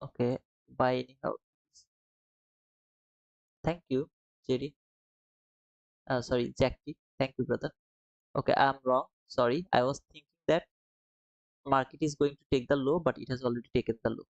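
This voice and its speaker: A man's voice: medium pitch, fairly even intonation, normal speed, gravelly, pauses often. A man talks through a live trading stream, reading out chat messages and replying casually. He addresses viewers as brother and man. The sound is dull and dry, with no room echo. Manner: reads viewer comments aloud and answers them.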